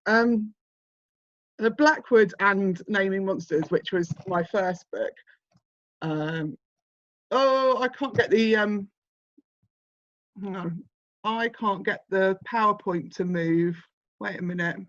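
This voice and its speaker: A woman's voice: medium pitch, slow, pauses often, fairly bright tone, no echo. A woman in her forties presents her books in a rambling, self-deprecating way and keeps restarting her sentences. The video call audio is dull and muffled, with no room sound at all. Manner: chatty, self-deprecating, many restarts and fillers. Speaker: graphic novelist presenting her work. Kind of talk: informal talk with slides.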